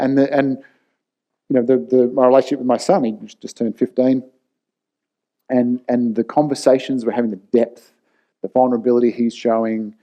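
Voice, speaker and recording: A man's voice: medium pitch, dark tone, muffled recording. A man in his forties, a leadership speaker telling personal stories in a frank, casual and blunt way. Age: 40s. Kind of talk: candid personal talk to camera.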